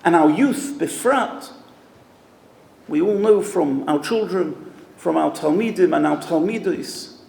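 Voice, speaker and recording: Man, rabbi, emphatic sermon-style talk, gravelly voice, echoey hall with a long reverb. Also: on the high side, takes it slowly, darkish tone. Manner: storytelling, emphatic. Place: event hall.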